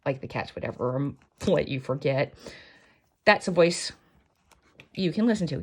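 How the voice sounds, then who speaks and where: Her deep voice is animated, moving at a moderate pace with frequent pauses. She hosts a relaxed sewing tutorial, wandering off on tangents and cracking self-deprecating jokes along the way.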